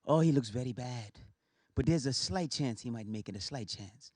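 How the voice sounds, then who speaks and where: A low-key, matter-of-fact vet who talks quietly and gets straight to the bill. A comedian puts him on in a dropped, softer voice. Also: male voice, expressive, normal speed, dry recording, lightly acted. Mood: grave.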